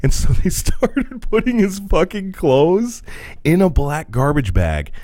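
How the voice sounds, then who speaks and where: A man's voice: a little high, slow, no room sound. A man co-hosting a podcast, telling a long story in casual chat, with lots of swearing and laughing. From rural Midwest. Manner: profane, animated, laughing storyteller. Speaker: podcast co-host.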